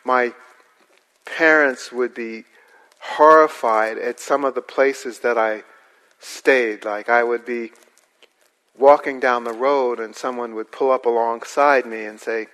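A man telling a personal story to an audience in a halting, rambling way. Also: mid-range voice, steady tone, a bit bright. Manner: halting, rambling, with restarts and fillers. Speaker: guest speaker. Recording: long hall reverb.

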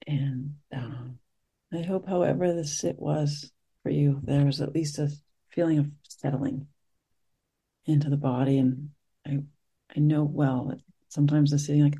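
A middle-aged meditation teacher giving a soft-spoken, reflective talk after a group sit, pausing often and searching for words. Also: medium pitch, fairly even intonation, gravelly, husky. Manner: soft-spoken, gentle, searching, with many pauses and fillers.

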